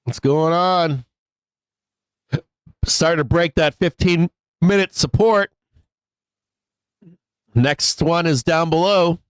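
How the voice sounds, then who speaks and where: A man's voice: fairly high pitch, slow, pauses often, clean tone, no room sound. A man hosting a live stock trading stream, chatting casually, swearing a lot and laughing often. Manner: profane, laughs often, rants. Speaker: stock market livestream host. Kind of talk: casual profane livestream chat.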